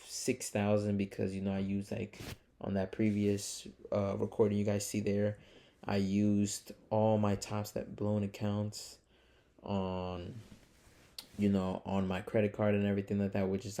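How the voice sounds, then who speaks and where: A young trading vlogger speaks directly to viewers in a lowish, mellow voice with vocal fry. His casual talk rambles earnestly, packed with fillers, and he keeps calling the audience "guys" and "man."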